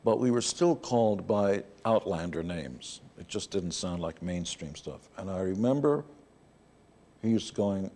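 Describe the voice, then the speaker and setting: A man's voice: sits low, animated, measured pace, warm tone. A middle-aged man from New York, an interview guest telling candid stories in a blunt, wry way. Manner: blunt, wry anecdotes with playful put-on voices.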